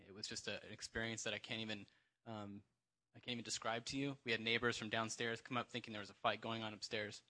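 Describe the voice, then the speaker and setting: A low-pitched man with a very bright, forceful tone tells his testimony in church. He speaks haltingly, with frequent fillers and restarts, and is moved as he tells it. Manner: halting, emotional storytelling with many fillers. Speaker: congregation member sharing testimony. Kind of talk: personal testimony at church gathering.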